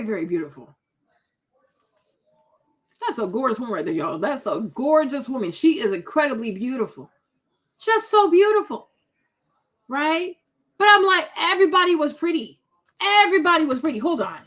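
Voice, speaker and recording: A woman host giving casual reaction commentary on pictures, animated and exclaiming, repeating herself a lot. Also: high voice, moderate pace, long pauses. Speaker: commentary vlogger.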